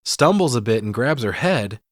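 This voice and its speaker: A man's voice: medium pitch, sing-song, normal speed, dry recording, studio quality. A man co-hosting a podcast, retelling a movie plot in a casual, profane, wry way. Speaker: podcast co-host.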